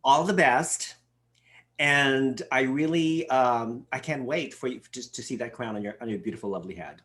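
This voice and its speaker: A woman's voice: rumbling low, moderate pace. A woman hosting a casual video-call interview, gushing and affectionate, repeating words for emphasis. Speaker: host, pageant vlogger.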